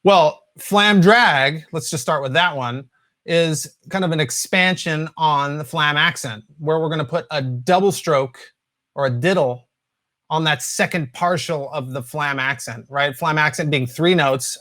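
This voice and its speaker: Relaxed higher-voiced male drum teacher. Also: unhurried. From US West Coast. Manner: relaxed, filler-heavy, counts and sings drum patterns. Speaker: drum instructor. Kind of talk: instructional talk.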